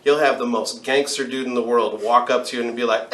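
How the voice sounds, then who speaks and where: Animated storytelling podcast host. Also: male voice, fairly quick, few pauses. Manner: animated storyteller, jumps into high voices for quotes. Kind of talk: casual chat, storytelling. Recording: roomy room sound.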